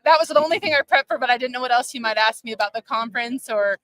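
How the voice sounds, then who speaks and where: A woman chatting on a live show at a conference, talking fast and laughing easily. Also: a little high, fairly bright tone. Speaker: guest. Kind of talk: casual live chat. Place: conference hall.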